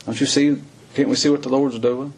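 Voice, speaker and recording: Husky folksy preacher man. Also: fairly even intonation, fairly quick, darkish tone. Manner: folksy, laughs between points, rises high for emphasis. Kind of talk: sermon.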